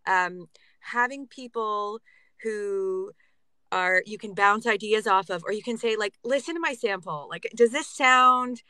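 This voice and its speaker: Bright, animated woman voice actor. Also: mid-range voice, a little slow, clean tone, dry recording. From Canada. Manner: animated, earnest, laughs easily. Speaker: voice actor, guest. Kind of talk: casual panel chat.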